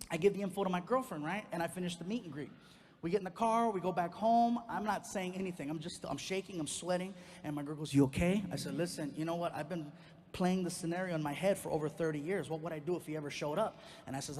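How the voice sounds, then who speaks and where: A middle-aged man doing stand-up storytelling on a comedy club stage, acting out the voices of people in his story. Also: quick pace. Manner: animated, acts out quotes with big pitch jumps.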